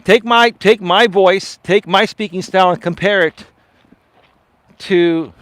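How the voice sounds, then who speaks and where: Male life coach hosting a live stream outdoors; animated, passionate delivery with a fairly high voice and frequent "right?" tags. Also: slow, dry recording. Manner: expressive, swinging pitch up and down, often tags "right?". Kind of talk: live-stream chat answering viewer comments. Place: outdoors on a walk.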